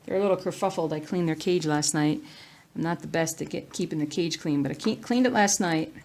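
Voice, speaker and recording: A woman from the United States chatting casually at home while she stitches, rambling along and now and then dropping into soft whispers. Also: deep voice, brisk. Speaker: cross-stitch vlogger.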